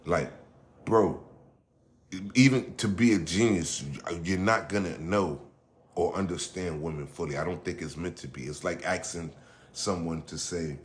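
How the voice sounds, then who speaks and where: A man's voice: low-pitched, unhurried. A middle-aged man hosting his own podcast, talking in a loose, rambling, profane way, restarting his sentences and going off on asides. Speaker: podcast host. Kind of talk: casual solo monologue.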